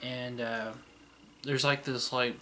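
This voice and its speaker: A man's voice: medium pitch, little pitch movement, slow, sharp tone, a little hiss or hum. A man casually retelling the plot of an old TV series in a rambling way, with lots of fillers and laughter. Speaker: vlogger.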